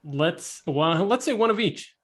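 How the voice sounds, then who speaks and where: A man hosting a podcast in a relaxed way, asking a guest a quick round of questions. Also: sits high. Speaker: podcast host. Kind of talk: casual interview.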